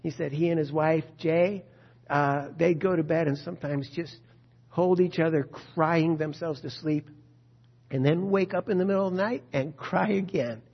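A man preaching an Easter sermon as a pastor, telling a story and then leading a quiet, earnest prayer. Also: fairly high pitch, normal speed, husky, long reverb tail. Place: church sanctuary. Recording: dull lo-fi sound.

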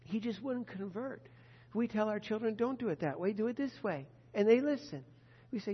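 An older preacher with a husky, slightly breathy voice, delivering a sermon in a lively storytelling manner and slipping into the voices of the people quoted. The sound is muffled and carries a long echo, as if recorded in a large hall. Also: medium pitch. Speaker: pastor. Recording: dull echoey hall sound.

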